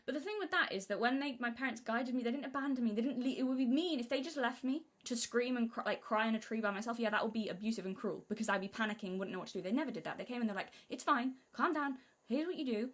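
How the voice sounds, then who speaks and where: A young woman from Britain talking casually on a live stream, rambling and restarting her sentences, sometimes acting out what she said as a child in a high voice. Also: racing, few pauses. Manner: rambling, self-interrupting, acts out childhood quotes in a high voice.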